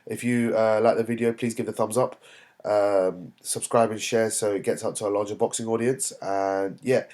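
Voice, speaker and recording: A man hosting a boxing commentary vlog, talking alone in a halting way with many fillers and restarts. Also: fairly low pitch, steady tone, darkish tone. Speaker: boxing channel host.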